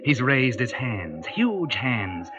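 A man's voice: medium pitch, very animated, takes it slowly, background noise. A man narrating a 1940s radio thriller in a suspenseful, dramatic manner. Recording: dull old radio recording with music behind.

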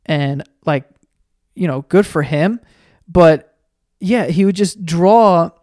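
A podcast host riffing through a profane, rambling comedic monologue with animated storytelling. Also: mid-range voice, takes it slowly, no room sound, clean studio sound.

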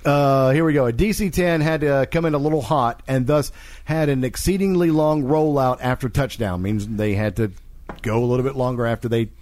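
A man's voice: mid-range voice, fairly quick, a little mellow. A man hosting a casual podcast, reading aviation jokes aloud with fillers and stumbles. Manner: reads with self-interrupting fillers. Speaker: podcast host.

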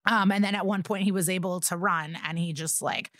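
A woman's voice: lowish voice, fairly even intonation, fairly quick, a bit bright, dry recording, clean studio sound. A woman co-hosting a podcast, animatedly retelling a true-crime case in casual chat, acting out quotes and swearing freely. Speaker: podcast co-host.

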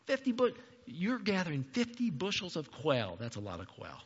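A man's voice: fairly high pitch, wildly swooping pitch, moderate pace, slightly rough, big-room sound, muffled recording. A man preaching a sermon in a conversational, playful way, acting out the quotes. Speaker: pastor.

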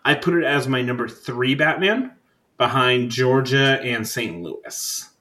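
Casting note: young male podcast host, mid-pitched, loose and rambling, swears casually. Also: unhurried, sharp tone, low-quality recording. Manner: rambling, profane, laid-back storytelling with frequent fillers. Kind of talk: casual chat.

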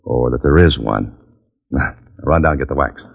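An actor playing a dry, wisecracking adventurer who also narrates, in 1940s radio acting. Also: male voice, extremely low pitch, normal speed, creaky, full character voice. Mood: confident. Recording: dull old radio recording.

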